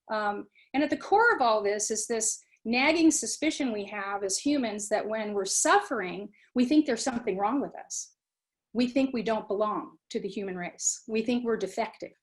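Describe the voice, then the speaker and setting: Woman talking mindfulness, fairly high voice. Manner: conversational, acts out students' inner voices. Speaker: study abroad program director. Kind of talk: informal talk on mindfulness.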